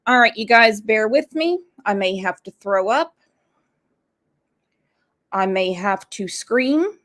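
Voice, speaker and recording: A woman's voice: mid-range voice, lively intonation, takes it slowly, a bit bright. A woman hosting a true crime livestream, angry and blunt, swearing freely as she comments. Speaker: true crime channel host.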